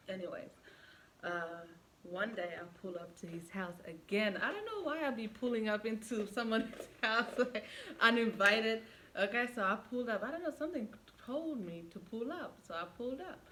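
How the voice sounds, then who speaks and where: A woman's voice: mid-range voice, moderate pace, a little hiss or hum. A young woman on her vlog, telling a personal story in a chatty way, talking straight to her viewers and acting out what people said. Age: young adult. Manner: animated storyteller who acts out quoted dialogue; chatty, addresses viewers directly. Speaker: vlogger. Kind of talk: storytime vlog, casual retelling.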